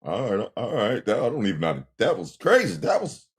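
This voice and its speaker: A brash livestream host rants casually and briskly, his pitch swinging hugely as he talks. He uses lots of slang and often breaks into laughter.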